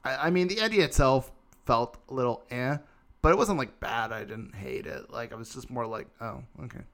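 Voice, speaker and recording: A man hosting a casual movie discussion podcast, animated and hedging, reading a listener's comment and steering the talk. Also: mid-range voice, moderate pace. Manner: animated, hedging with lots of "like" and "I don't know". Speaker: podcast host.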